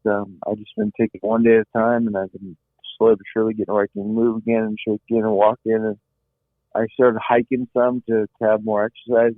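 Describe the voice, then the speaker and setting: With no room sound and a thin, phone-like quality, this dry clip features a middle-aged man in a mid-range voice. As a guest, he earnestly describes how he survived something, often repeating words as he looks for them.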